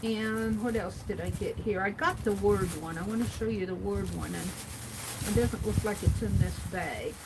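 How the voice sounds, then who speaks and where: A woman vlogger casually chatting through her craft supply haul and tallying up prices out loud as she thinks. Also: medium pitch, moderate pace, noisy background.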